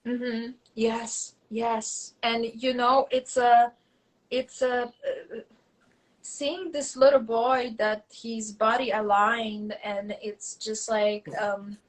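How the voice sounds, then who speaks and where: A woman telling stories in a casual interview, animated and full of fillers and restarts, acting out quoted dialogue. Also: fairly high pitch, slow pace, poor audio. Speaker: guest.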